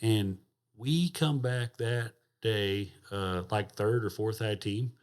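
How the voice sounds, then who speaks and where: A man's voice: on the low side, slow. A man, a podcast guest telling a rowdy, profane story in casual chat and laughing as he goes. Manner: rowdy, profane, laughs through his stories. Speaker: podcast guest, rodeo champion.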